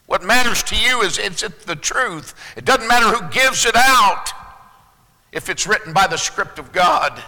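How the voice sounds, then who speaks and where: A pastor preaching a sermon to his congregation, moving between loud preaching and hushed, low asides. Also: animated, measured pace. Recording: long hall reverb.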